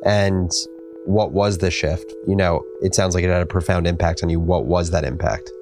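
Male host, lowish voice, measured and earnest, mixes questions with scripted narration. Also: fairly even intonation, a little mellow, a little hiss or hum. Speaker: podcast host and interviewer.

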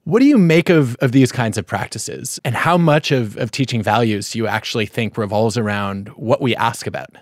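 A man hosting a podcast interview, telling a family story in a thoughtful way and asking measured questions. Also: medium pitch, no echo, studio quality. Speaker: podcast host.

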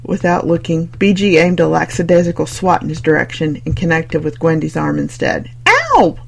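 An audiobook narrator reads fiction with a wry, conversational lilt. The voice has a steady gravelly fry at an even middle pitch. It moves between scene-setting and the characters' thoughts with ease. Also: a little fast. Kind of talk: scripted narration.

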